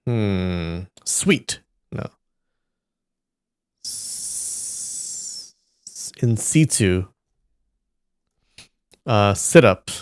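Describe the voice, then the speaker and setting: A man streaming live, thinking aloud and slowly sounding out syllables as he works through a word puzzle. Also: on the low side, expressive, smooth, dry recording. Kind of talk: casual muttering while solving a word puzzle.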